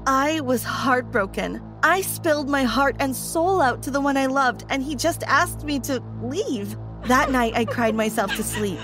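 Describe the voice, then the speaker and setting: A woman's voice: high voice, measured pace, few pauses, music in the background. A woman narrating a dramatic first-person story, emotional and acting out her own lines with big swings.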